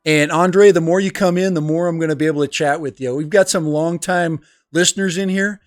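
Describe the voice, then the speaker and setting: Here a livestream host and teacher talks casually from home, laughing and wandering off topic as he reads the chat into a desk microphone. His voice is a little high and fairly quick, with fairly even intonation. The recording is dry and close, with music underneath.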